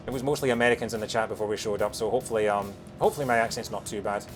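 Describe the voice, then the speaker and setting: A man with a Scottish accent softened by years in England, chatting quickly while streaming a game, with lots of fillers and restarts. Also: fairly low pitch, over music. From Scotland. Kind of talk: casual chat while playing a game.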